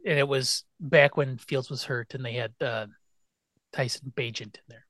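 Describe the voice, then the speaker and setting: A man's voice: medium pitch, steady tone, normal speed, a bit bright, no room sound, clean studio sound. A man co-hosting a casual sports podcast, talking in a wry, exasperated way that often trails off. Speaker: podcast co-host.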